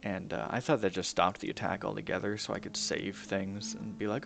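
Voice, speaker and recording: Swearing man with a gravelly voice. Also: fairly low pitch, little pitch movement, fairly quick. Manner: mumbling, swears a lot, drops into whispers. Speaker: gaming streamer. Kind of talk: casual commentary while playing a game. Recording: music playing behind the voice. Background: piano music.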